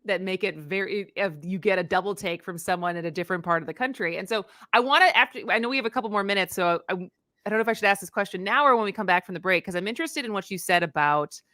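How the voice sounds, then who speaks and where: A woman hosting a live radio talk show, asking questions in a quick, chatty, energetic way. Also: mid-range voice, dry recording, clean studio sound.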